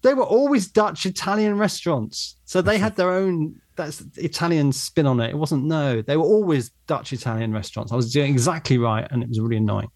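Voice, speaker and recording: A man's voice: fairly high pitch, a little fast, hardly any pauses, darkish tone, no echo, clean studio sound. A man in casual, playful chat, who swears freely and acts out the people he quotes.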